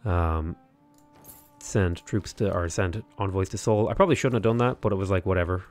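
With soft music in the background, an Irish man in a low, somewhat mellow voice talks at normal speed. He streams a strategy game, reads comments from viewers, and rambles casually, restarting often and saying "like" a lot.

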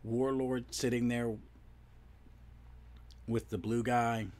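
A man's voice: medium pitch, level tone, slow, a little mellow. Rambling man recapping a comic. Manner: rambling, with self-corrections and fillers. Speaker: podcast host. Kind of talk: solo comic book recap.

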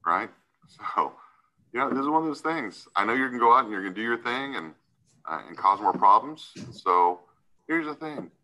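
A man's voice: mid-range voice, expressive, normal speed, bright, forceful tone, highs cut off. A man serving as a judge, sternly lecturing a defendant in a courtroom hearing and often tagging his points with "right?".

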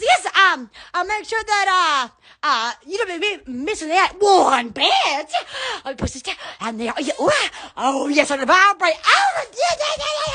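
A woman's voice: very high-pitched, pushed and bright. A woman with a Southern accent chatting on a live phone stream about her shop products, exclaiming and giggling and repeating "oh, yes" over and over. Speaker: online shop owner.

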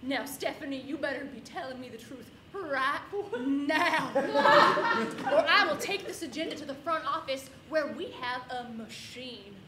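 A woman playing a stern middle-aged teacher who questions a student in slow, pointed words. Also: high-pitched, expressive. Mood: threatening. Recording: echoey room with background noise.

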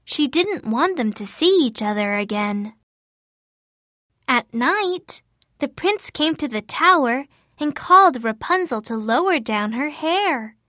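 High slow woman storyteller. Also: bright, forceful tone, dry recording, clean studio sound. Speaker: narrator. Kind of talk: storybook reading for language learners.

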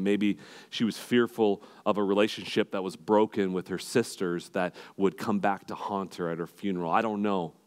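Earnest pastor, low voice. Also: male voice, smooth. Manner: earnest, emphatic preaching with rising intensity. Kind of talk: sermon.

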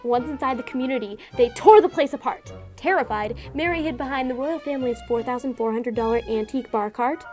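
A young woman hosting and telling a satirical fairy tale in a scripted, deadpan comic style. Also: high voice, fairly quick, hardly any pauses, soft background music. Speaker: host and storyteller.

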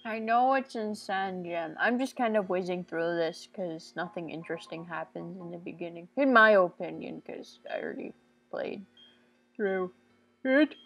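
A woman with a lowish voice plays a video game as a let's play gamer, speaking at a moderate pace. Her commentary is casual, goofy, and excitable, and she often talks to the characters on screen.

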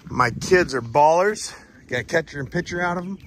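A man walking around his farm and new food truck, chatting excitedly and then muttering quietly to himself. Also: on the high side, fairly quick, slight background noise. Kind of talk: casual walk-around vlog. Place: outdoors on a farm with animals.

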